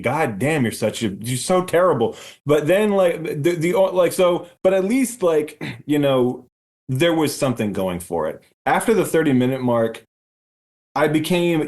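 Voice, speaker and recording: A man co-hosting a movie podcast, ranting about a bad film with lots of swearing and rising exasperation. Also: fairly high pitch. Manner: ranting, profane, animated. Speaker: podcast co-host. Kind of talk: casual movie review chat.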